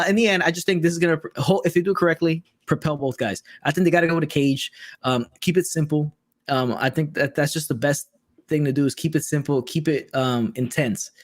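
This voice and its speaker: A man's voice: on the high side, no echo. A man co-hosting a casual wrestling chat over a remote call, rambling with lots of fillers. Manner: rambling, filler-heavy, animated.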